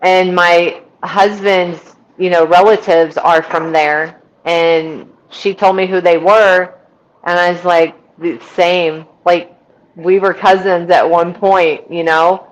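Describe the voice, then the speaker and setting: A woman's voice: fairly low pitch, slow, dull audio. A middle-aged woman from Missouri, a podcast guest telling her testimony and acting out the people she quotes. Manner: lively retelling with quoted voices. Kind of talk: storytelling testimony.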